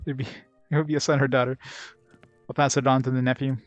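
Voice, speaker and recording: A man's voice: mid-range voice, level tone, fast talker, no echo, lo-fi sound, soft background music. Rambling, wry let's play guy. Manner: rambling, wry, filler-heavy. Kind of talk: casual gameplay commentary.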